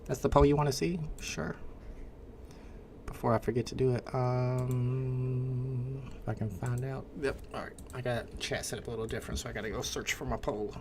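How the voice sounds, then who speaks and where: A man's voice: medium pitch, fairly even intonation, moderate pace, background noise. A man with an Indiana accent hosting a casual livestream, chatting and answering comments from chat. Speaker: livestream host.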